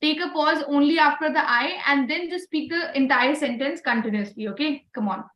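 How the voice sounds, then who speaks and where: Trainer type: high-pitched woman, upbeat class leader who keeps praising students, slightly roomy sound. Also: fairly quick, a bit bright, muffled recording. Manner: encouraging, repeats praise, mixes in Hindi. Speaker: voice and communication trainer. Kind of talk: online class. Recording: roomy echo.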